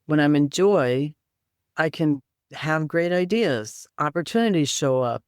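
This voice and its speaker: In an interview conversation, a woman guest with a low, expressive voice explains healing practices and walks through simple exercises step by step at a measured pace. The clean studio recording has no room sound.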